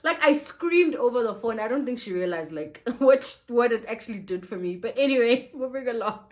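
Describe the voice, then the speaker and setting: A young woman tells her story straight to the camera, her pitch leaping up and down with every turn of it. She talks casually and emotionally, with laughter breaking in often. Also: expressive, brisk. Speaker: vlogger.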